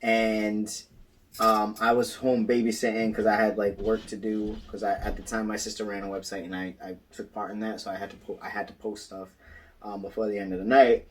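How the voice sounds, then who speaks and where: A man co-hosting a podcast, telling stories in casual chat, animated and acting out quotes. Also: fairly low pitch, a little fast, far from the mic. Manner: animated storytelling, acts out quotes, swears, laughs a lot. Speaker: podcast co-host.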